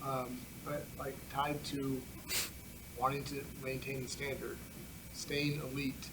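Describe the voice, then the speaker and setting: A man's voice: medium pitch, little pitch movement. Hesitant reporter man, noisy background. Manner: hesitant, halting, full of fillers. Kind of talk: press conference question.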